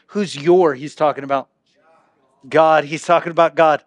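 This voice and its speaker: Guy preaching, pretty high voice, jokey and chatty, goes loud then drops real quiet. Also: steady tone, moderate pace, pauses often. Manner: humorous, conversational, swings between loud reading and hushed asides. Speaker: pastor. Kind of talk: sermon. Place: church sanctuary.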